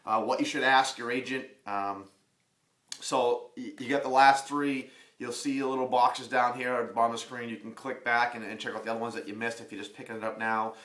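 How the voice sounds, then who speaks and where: A middle-aged man with a Boston accent talks in a loose, rambling way, cracking jokes as he gives real estate tips. He is recorded live in a bare room near his office, and his voice echoes around it. His pitch sits in an ordinary middle range for a man. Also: level tone, fairly quick, fairly bright tone. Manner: rambling, joking, conversational. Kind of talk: live casual video talk.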